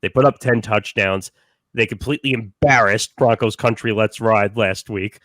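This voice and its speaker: A man's voice: lowish voice, steady tone, moderate pace, a bit bright, no echo, clean studio sound. A man on a sports podcast panel, talking casually with hesitant restarts.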